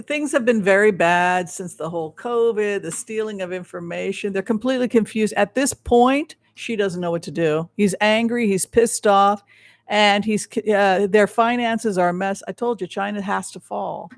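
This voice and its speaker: High-voiced gravelly man, rambling. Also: moderate pace, no room sound. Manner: rambling with frequent restarts, emphatic. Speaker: psychic show host. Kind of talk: livestream tarot and remote-viewing commentary.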